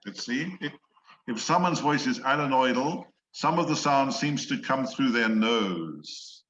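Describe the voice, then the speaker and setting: A man teaching English in an online one-on-one lesson, slow and patient, explaining words and acting out examples. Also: medium pitch, animated, a bit bright, a little hiss or hum. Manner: slow, patient, demonstrates voices. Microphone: video call. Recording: echoey, dull video-call audio.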